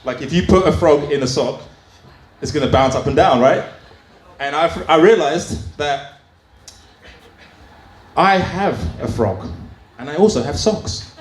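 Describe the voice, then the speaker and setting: A man tells crude stand-up stories at an open mic in a small club, his voice sitting a little high. He rambles along with plenty of fillers. The room gives it a roomy echo, with a faint hum underneath. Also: animated, measured pace, pauses often. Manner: crude, chatty storytelling with lots of fillers. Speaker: stand-up comedian. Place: small comedy club with audience.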